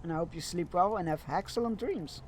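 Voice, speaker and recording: A man streams a video game and chats casually to his viewers. He rambles and uses lots of fillers, in a fairly high voice. A faint noise sits behind him. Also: fairly quick. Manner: rambling and chatty, with many fillers. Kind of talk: casual chat while gaming.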